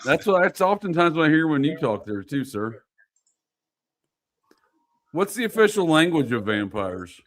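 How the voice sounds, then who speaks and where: A man's voice: on the high side, big pitch swings, moderate pace, pauses often. A man calling in to taunt the host with puns and mocking rhymes. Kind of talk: heckling call-in banter.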